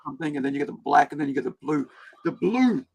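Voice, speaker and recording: A man's voice: fairly high pitch, level tone, racing, creaky. A man with a New Zealand accent hosting a livestream, rambling and slangy in casual chat. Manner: rambling, slangy, laid-back. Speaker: livestream host.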